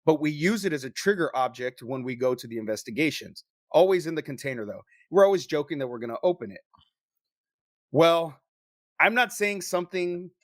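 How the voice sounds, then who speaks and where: Profane, animated male podcast storyteller. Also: on the high side, no echo, clean studio sound. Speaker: podcast co-host.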